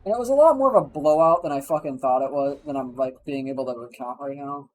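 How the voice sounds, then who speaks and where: While playing a game on a live stream, a young man tells a rambling, profane story. He talks fast in a mid-range voice. The recording is low quality.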